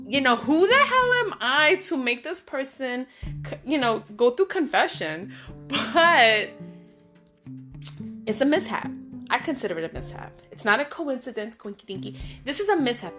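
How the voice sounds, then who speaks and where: Clear music plays under a middle-aged woman hosting her own vlog, where she tells personal stories casually and with animation. Her somewhat high voice shifts into other people's voices as she acts out what her friends said.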